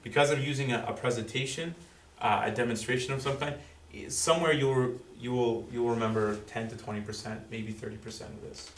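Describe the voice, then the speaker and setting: A man giving a school presentation to parents, explaining in a halting way full of fillers and restarts. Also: medium pitch. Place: school room with audience. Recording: roomy, distant, faint background noise.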